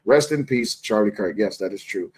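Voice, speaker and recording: A man's voice: lowish voice, expressive, moderate pace, darkish tone, slightly rough. A man hosting a casual livestream, reading super chats and answering them bluntly in a laid-back way. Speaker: host.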